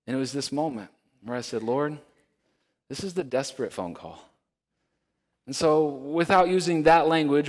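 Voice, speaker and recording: A male pastor preaching a sermon in an earnest storytelling way, now and then dropping to a hush for emphasis. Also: medium pitch. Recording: long hall reverb.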